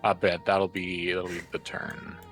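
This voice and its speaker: A man's voice: sits low, completely flat delivery, a little slow, fairly bright tone, faint music behind. A man playing in a tabletop game, making dry, joking asides in casual table talk. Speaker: player.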